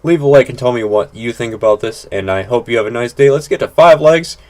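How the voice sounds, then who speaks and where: A man in mid-pitch giving loose, off-the-cuff commentary over gameplay. He rambles, restarts his sentences, fills gaps with "like" and swears without fuss. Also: a little fast, darkish tone. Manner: blunt, swears casually. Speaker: gaming channel host.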